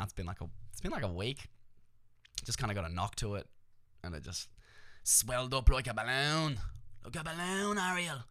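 An Australian man with a lowish voice, talking casually on his own podcast. He rambles and swears a lot, and he keeps throwing jokey asides at the listener. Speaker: podcast host. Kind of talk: casual solo podcast chat.

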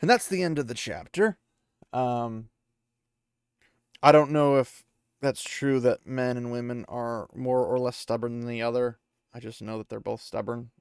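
A man's voice: mid-range voice, measured pace, clear, resonant tone, dry recording, clean studio sound. A man hosting a podcast, retelling a book chapter in a chatty, rambling way. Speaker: podcast host. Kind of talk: casual book recap.

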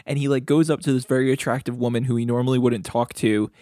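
A man's voice: medium pitch, fairly even intonation, quick pace, dark tone, no echo. Laid-back male podcast co-host, rambling casual chat, close dry mic.

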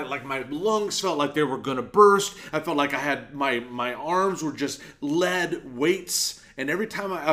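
A man's voice: mid-range voice, fairly bright tone. A middle-aged man, a pastor preaching a sermon and telling a personal story, often acting out the lines he quotes.

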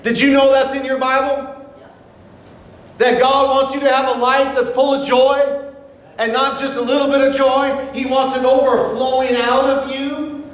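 A middle-aged male pastor preaching a sermon, earnest, slowing down for scripture quotes. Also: extremely high pitch, little pitch movement. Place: church sanctuary. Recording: echoey hall, mic in room.

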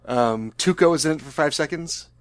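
A man's voice: fairly high pitch, moderate pace, no echo. Man, podcast co-host, casual movie talk, jokey, dry close sound. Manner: joking, laughs often. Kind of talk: casual movie-review chat.

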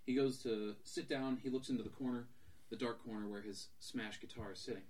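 A man's voice: mid-range voice, fairly quick. A man hosting a podcast, eagerly retelling a comic book scene by scene and acting parts out. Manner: animated, acts out scenes. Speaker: podcast host.

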